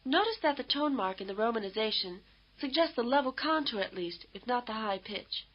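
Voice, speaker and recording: Higher woman narrating old course audio. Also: expressive, highs cut off. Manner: measured, explanatory. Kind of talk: scripted instructional narration.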